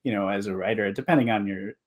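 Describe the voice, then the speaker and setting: A man hosting a podcast, thinking aloud in a relaxed conversational way. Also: on the low side, fast. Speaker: podcast host. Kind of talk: casual interview chat.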